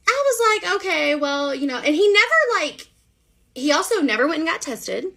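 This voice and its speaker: A woman telling her own story to the camera in a casual, animated, chatty way. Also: high-pitched, a little fast. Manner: animated, chatty, many fillers. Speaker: storyteller sharing a personal story.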